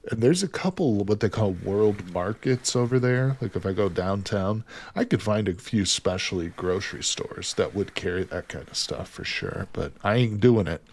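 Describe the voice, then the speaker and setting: A man's voice: on the low side, expressive, normal speed, husky. A man chatting casually with his viewers while he plays a game. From United States. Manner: chatty, talks to viewers as "people". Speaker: streamer. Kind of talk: casual gameplay commentary with chat.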